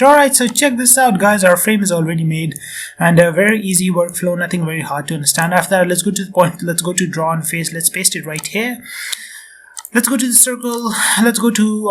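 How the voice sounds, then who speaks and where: A man with a sore throat walking through software steps quickly, repeating short instructions and filling gaps with "uh" and "and". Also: high-pitched, slight background noise. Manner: rapid, repetitive step-by-step instructions with many fillers. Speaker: software tutorial presenter. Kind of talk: screen-recorded software walkthrough.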